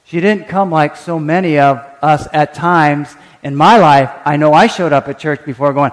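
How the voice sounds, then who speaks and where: A man's voice: fairly high pitch, moderate pace, hardly any pauses, in a large hall. A man preaching a sermon as pastor, acting out quoted prayers and often restarting his words. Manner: animated, acts out quoted prayers and voices; frequent stammered restarts.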